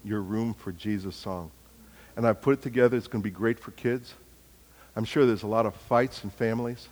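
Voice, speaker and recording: A man's voice: lowish voice, a little mellow, long reverb tail. A middle-aged man preaching a sermon, telling family stories with acted-out dialogue and building to emphatic points. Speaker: pastor.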